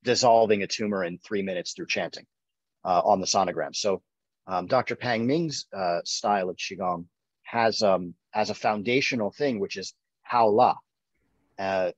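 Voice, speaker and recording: A man's voice: lowish voice, breathy edge, no room sound, dull audio. A man hosting a casual chat, rambling with many fillers and restarts. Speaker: host.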